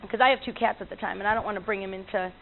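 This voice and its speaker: A woman's voice: medium pitch, very fast, vocal fry. Chatty woman on a tinny line. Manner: chatty, laughs often, many fillers and restarts. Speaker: animal communicator. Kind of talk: casual storytelling talk. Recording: tinny lo-fi line with faint noise.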